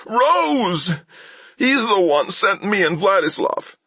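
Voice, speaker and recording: A man putting on a scrawny thief in pain, pleading in a strained voice pushed far above his usual low register. The delivery is panicky and whining, close and dry like a studio audiobook. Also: very animated, slow pace, bright, forceful tone, breathy edge, no room sound, heavily acted. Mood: terrified pleading. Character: small frightened male thief, whimpering and pleading. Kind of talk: audiobook character voice.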